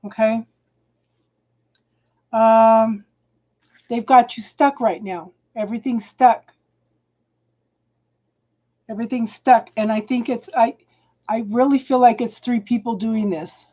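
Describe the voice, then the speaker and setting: With a somewhat high, mellow voice and a steady tone, a woman does a live-streamed tarot reading. She speaks haltingly and repetitively, starting phrases over and calling people hun.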